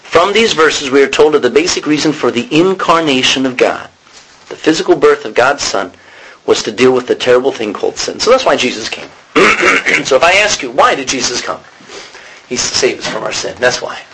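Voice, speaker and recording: A man teaching a sermon in a conversational way, often pausing to correct himself and clear his throat. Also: mid-range voice, animated, noisy background. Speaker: preacher.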